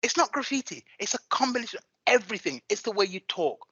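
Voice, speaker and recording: A man in his fifties from England, an event MC talking in a casual interview, hyped and animated. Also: high-pitched, quick pace, slightly rough, dry recording, lo-fi sound. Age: 50s. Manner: hyped and animated, swinging into playful voices.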